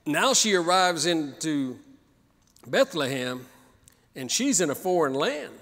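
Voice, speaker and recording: High, bright-voiced male preacher. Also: sing-song, takes it slowly, in a large hall. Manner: preaching with rising, repeated exhortations. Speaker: pastor. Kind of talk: sermon. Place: church sanctuary.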